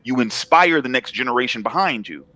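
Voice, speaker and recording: A man's voice: medium pitch, lively intonation, a little fast, pushed and bright, no room sound. Laid-back slangy man, dry close sound. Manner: laid-back, slangy, repeats himself when building a point. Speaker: guest, comic writer. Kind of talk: casual interview chat.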